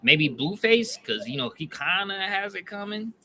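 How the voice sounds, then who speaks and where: A man's voice: high-pitched, lively intonation, normal speed, noisy background. A young man co-hosting a comedy podcast, chatting casually in a rambling, hesitant way full of "like". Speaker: podcast co-host.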